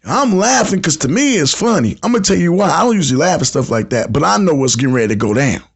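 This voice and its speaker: Speaking fast in a slightly high, sing-song voice that's creaky and husky, a man in his fifties from the United States hosts a laid-back call-in podcast. He tells stories full of heavy slang and imitates whoever he's quoting.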